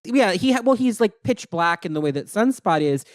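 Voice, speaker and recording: A podcast co-host recaps comics in casual chat, full of fillers and acted-out quotes. The pitch moves a lot, and the sound is dry and close with no room echo. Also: fairly quick. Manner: animated, acts out quotes, many fillers.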